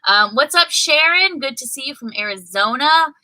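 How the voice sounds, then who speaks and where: A woman in her thirties chatting casually on a livestream. Her voice is very bright and sits a little high. She tells stories with animated, excited bursts. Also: fairly quick, rough recording. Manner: animated storytelling with excited outbursts. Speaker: co-host of a reselling livestream.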